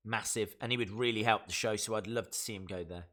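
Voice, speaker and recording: A man's voice: fairly low pitch, fairly even intonation, fast talker, pushed and bright. A man with a Black Country accent from the West Midlands, hosting a wrestling live stream in casual, opinionated chat, reading out viewer comments. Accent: Black Country English. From West Midlands, England. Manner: chatty and opinionated, with frequent fillers.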